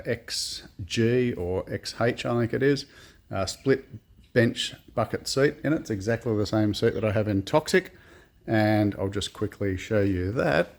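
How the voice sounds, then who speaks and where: Aussie bloke, lowish voice, easygoing shed-talk vlogger, rambling and modest. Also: male voice, a little mellow. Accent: Australian. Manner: laid-back, rambling, self-deprecating. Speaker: custom car builder. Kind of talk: casual workshop vlog. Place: home workshop shed.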